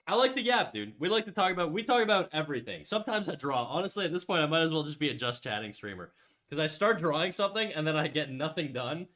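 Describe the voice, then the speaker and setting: A man's voice: a little high, sing-song, quick pace, a bit bright. A man hosting a casual livestream while drawing. He rambles and restarts, says "like" often, swears freely, and reads out and answers chat messages. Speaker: livestream host.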